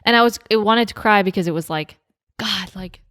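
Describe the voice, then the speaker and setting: A woman's voice: mid-range voice, fairly quick, fairly bright tone, no room sound, studio quality. A young woman co-hosting a podcast, chatting casually with lots of fillers, swearing and laughter. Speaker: podcast co-host. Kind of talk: casual chat.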